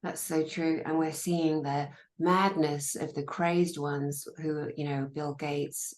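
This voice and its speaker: A woman with a slightly low voice talks in an animated, scornful, rambling way. She jumps quickly from point to point. Her voice rings in an echoey room. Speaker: host. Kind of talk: casual chat.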